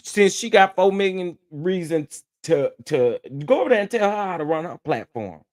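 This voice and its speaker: Sassy high-voiced male livestream host. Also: moderate pace. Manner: sassy, animated, laughing often. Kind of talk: casual livestream rant.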